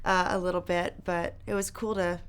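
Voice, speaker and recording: A woman's voice: lowish voice, flat delivery, normal speed, smooth. A woman from Georgia being interviewed, chatting in a bubbly way with lots of fillers. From Georgia, United States. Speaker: actress guest. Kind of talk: casual interview.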